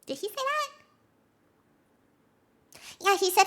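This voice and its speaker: A young woman streamer chatting with her viewers, rambling excitedly, acting out quotes and laughing often. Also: high-pitched, measured pace. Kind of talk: casual chat with stream viewers.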